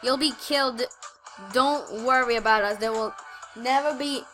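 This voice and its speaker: A woman's voice: fairly high pitch, normal speed, a bit bright, faint music behind, natural voice. A woman voicing a father wolf who reassures his pups firmly. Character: father wolf, firm and loving.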